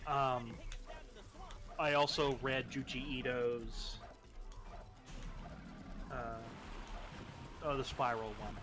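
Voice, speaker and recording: A man's voice: mid-range voice, steady tone, drawn-out words, pauses often. A young man co-hosting a casual gaming stream chat, talking eagerly and swearing freely. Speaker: co-host.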